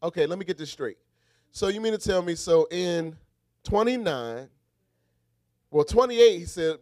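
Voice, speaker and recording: High-voiced man preaching a sermon. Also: expressive, normal speed, long pauses, no room sound, clean studio sound. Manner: rhythmic call-and-response preaching, swings from shouted refrains to quiet asides.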